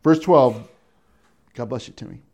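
A middle-aged man working through scripture verse by verse in a relaxed, conversational way. His voice sits at an ordinary pitch, and he often chuckles and acts out the people he quotes. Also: measured pace, dull audio. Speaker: pastor teaching a Bible study. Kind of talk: casual verse-by-verse Bible teaching.

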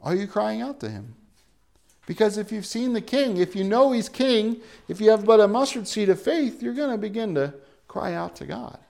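A man's voice: high-pitched, very animated, normal speed, creaky, a little mellow. A male pastor preaching a sermon in an earnest way, building to emphatic peaks.

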